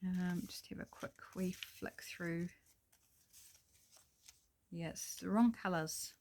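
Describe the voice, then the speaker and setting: A woman's voice: fairly low pitch, steady tone, slow pace, darkish tone. A woman hosting a casual crafting tutorial at her table, thinking aloud and apologizing with self-deprecating chatter as she works. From New Zealand.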